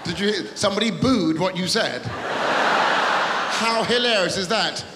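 A man doing live stand-up comedy, teasing the audience and bursting into shouts. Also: high-pitched, a little fast, heavy background noise. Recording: live theatre recording, long reverb, loud crowd.

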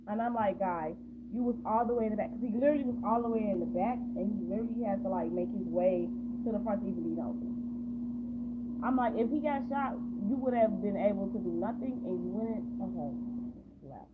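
A woman's voice: mid-range voice, animated, normal speed, very noisy. A woman recapping a movie scene by scene in a casual way, with blunt, sarcastic asides. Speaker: movie reaction host. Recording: tinny phone-like sound.

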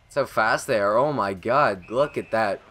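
A young man giving live commentary over a video game, excitable and rambling, swearing often and talking to himself. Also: lowish voice, normal speed, faint music behind. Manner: excitable, swears a lot, rambling self-talk. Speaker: gaming commentator.

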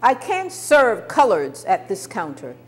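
A woman voicing a lunch-counter waitress who flatly refuses service, then speaks more gently. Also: medium pitch, a little slow, husky, soft background music, heavily acted. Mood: firm. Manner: firm, flat refusal.

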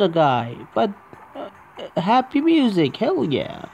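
A man's voice: high-pitched, wildly swooping pitch, slow pace, vocal fry, over music. A young man who just woke up, casually commentating a mobile game, swearing and arguing with the controls. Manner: profane, exasperated, talks to the game. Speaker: gaming YouTuber.

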